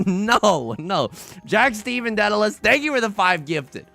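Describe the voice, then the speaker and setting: Animated young man chatting on stream. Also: high-pitched, moderate pace, vocal fry, faint music behind. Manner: rambling, self-deprecating, lots of fillers and restarts; jokey and animated, then subdued and tearful. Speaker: livestream host. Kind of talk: casual stream chat while gaming.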